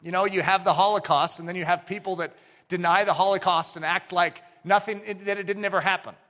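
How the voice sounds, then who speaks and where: Male pastor, high bright voice, emphatic sermon delivery that climbs to shouts, long church reverb. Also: steady tone, a little fast. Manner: emphatic preaching that builds to shouts.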